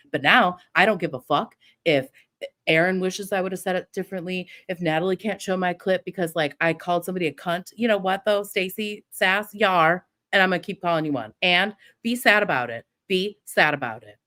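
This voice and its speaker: A middle-aged woman hosts a heated livestream, her voice on the low side and a bit bright. She rants with defiant profanity and mocks her critics by imitating them.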